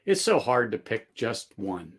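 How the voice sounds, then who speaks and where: A man's voice: medium pitch, sing-song, a little slow, slightly rough. A man hosting a casual livestream chat, rambling with many fillers and restarts and laughing often. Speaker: livestream host.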